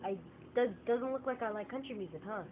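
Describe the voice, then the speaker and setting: A woman's voice: fairly high pitch, brisk. A woman vlogging a casual, exasperated opinion rant to her phone camera, repeating herself for emphasis. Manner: animated, exasperated, emphatic repetition. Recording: tinny lo-fi phone audio with faint noise.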